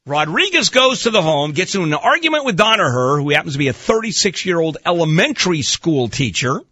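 Male radio talk host, bright and animated, emphatic delivery, dry studio sound. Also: mid-range voice, slightly rough, no echo, muffled recording. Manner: emphatic, pointed. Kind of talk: radio commentary. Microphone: studio microphone.

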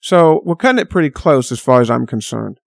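A man's voice: mid-range voice, very animated, a little fast, gravelly, no echo, studio quality. An older man telling a rambling personal anecdote with exasperated, sardonic asides. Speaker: storyteller.

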